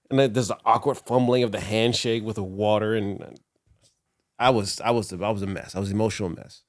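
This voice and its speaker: A man with a fairly low voice tells his stories in a relaxed studio chat, lively and often laughing as he acts out quotes. The sound is dry and close, with no room around it. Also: fairly quick, no echo. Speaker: professional wrestler, guest. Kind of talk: casual interview storytelling. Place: podcast studio. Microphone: studio microphone.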